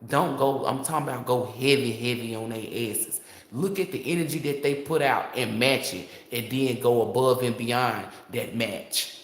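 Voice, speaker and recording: A man's voice: mid-range voice, moderate pace. A man giving a tarot reading as a heated, profane, rambling monologue to his viewers. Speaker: tarot reader. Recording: echoey room.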